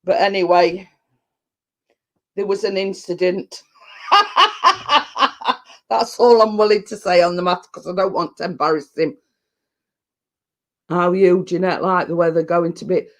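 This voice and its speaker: A woman's voice: on the low side, a little slow, pauses often, a bit bright. A middle-aged woman, chatting casually to viewers and rambling along, often repeating herself and laughing. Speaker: vlogger reading viewer comments. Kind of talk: casual live chat.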